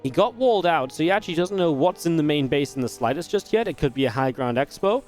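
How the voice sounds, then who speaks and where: A man casting a real-time strategy match alone, in energetic play-by-play commentary with chatty asides. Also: a little high, fast talker, soft background music. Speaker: esports caster. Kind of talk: solo play-by-play game commentary.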